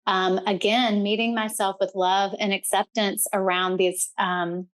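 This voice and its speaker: A woman's voice: medium pitch, little pitch movement, measured pace. Reflective, long-winded woman podcaster. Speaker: podcast co-host. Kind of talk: casual chat.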